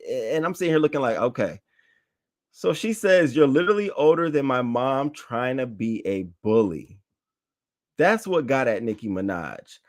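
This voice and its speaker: A man giving casual, slangy news commentary to his chat, animated and reading tweets aloud. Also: mid-range voice. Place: home setup, talking to chat.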